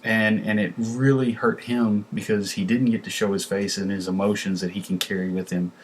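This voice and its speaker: Low-voiced man rambling through a review. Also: little pitch movement, normal speed, slight background noise, poor audio. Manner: rambling, with many fillers and restarts. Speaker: film reviewer. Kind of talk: casual film review.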